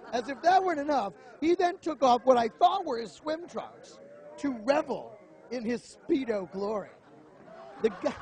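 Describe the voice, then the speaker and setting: A young man doing a stand-up comedy routine on a club stage, telling stories animatedly and slipping into quick voices. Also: very high-pitched. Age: young adult.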